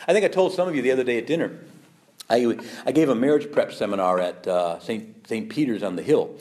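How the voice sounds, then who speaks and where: A man, a priest, teaching fellow preachers in a lively storytelling way, acting out quoted voices and laughing along. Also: medium pitch, a little fast. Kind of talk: teaching talk to clergy with anecdotes.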